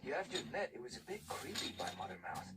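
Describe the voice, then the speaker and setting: A man's voice: mid-range voice, big pitch swings, quick pace, far from the mic, heavy background noise, natural voice. A man voicing a nervous, tired young male cat apprentice in whispered storytelling.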